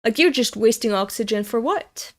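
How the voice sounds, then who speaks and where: A woman's voice: fairly high pitch, animated, normal speed. A young woman from Europe, streaming as she reads a manga aloud, talking in a blunt, profane, angry rant. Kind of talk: live-stream reading with commentary.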